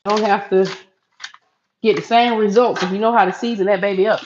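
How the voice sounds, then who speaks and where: A woman's voice: medium pitch, steady tone, brisk, a little mellow, lo-fi sound, a little hiss or hum. A middle-aged woman from Florida chatting casually with viewers on a live stream while she cooks in her home kitchen. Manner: chatty, addresses viewers as y'all.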